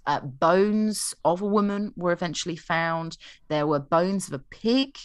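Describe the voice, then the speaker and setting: A young woman with a lower voice chats her way through a history story, full of fillers and quick to laugh at her own slips. The sound is close and dry, with no room around it. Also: clear, resonant tone, dry recording. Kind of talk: casual history chat.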